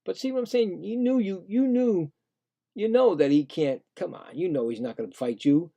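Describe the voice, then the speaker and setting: A man giving casual, excitable play-by-play of a hockey game, indignant and rambling with frequent restarts. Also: high-pitched, moderate pace, creaky. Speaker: live play-by-play streamer.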